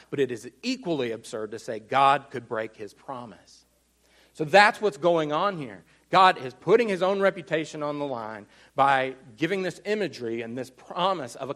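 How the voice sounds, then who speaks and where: A man preaching a teaching sermon, explaining earnestly and slowing down to stress key words. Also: on the high side, animated, a bit bright. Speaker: pastor.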